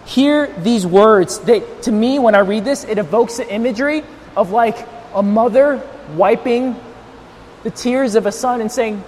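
High-voiced preacher man straining to be heard. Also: measured pace, in a large hall, a little hiss or hum. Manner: swings between loud, near-shouted emphasis and softer, tender passages. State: straining his voice to be heard without a monitor. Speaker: pastor. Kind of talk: sermon.

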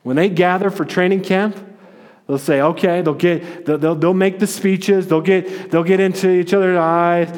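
A male pastor preaching a sermon in an energetic, emphatic way, often restarting his sentences. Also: high voice, moderate pace, clean tone. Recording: long hall reverb.

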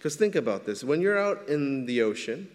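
A man's voice: mid-range voice, big pitch swings, moderate pace. Conversational male preacher in a reverberant hall. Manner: conversational preaching, frequent "right?" asides. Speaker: pastor. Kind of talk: sermon. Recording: long reverb of a large hall.

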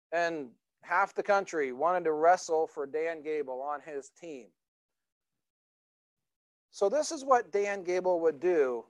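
A man's voice: a little high, no room sound. A middle-aged man, a pastor, preaching a sermon in a loose, conversational storytelling way with many fillers and restarts.

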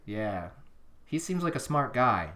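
An earnest podcast co-host talking casually, looping back and restarting thoughts. The pitch sits mid-range, and the voice sometimes drifts away from the microphone. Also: sing-song, unhurried, fairly bright tone. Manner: rambling, self-interrupting, earnest. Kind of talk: casual chat. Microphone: drifting off the microphone at times.

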